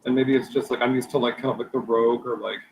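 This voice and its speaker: A man from Nova Scotia chats in an animated way, with lots of fillers and frequent laughter. His voice sits at a middle pitch. Light background hiss runs under it. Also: quick pace. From Nova Scotia, Canada. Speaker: livestream guest. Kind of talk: casual chat on a livestream.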